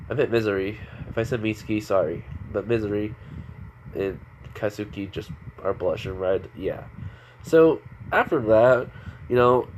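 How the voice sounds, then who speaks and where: A man's voice: fairly low pitch, darkish tone, a little hiss or hum. A man improvising a fan story aloud in a rambling way, full of fillers and self-corrections.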